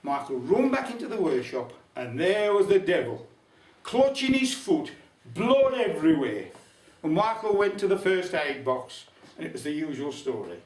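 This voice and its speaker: Older Black Country male storyteller, wry and chatty; high, animated voice in a roomy hall, distant mic. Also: normal speed, few pauses. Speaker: folk club storyteller. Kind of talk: humorous storytelling to a live audience. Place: folk club room.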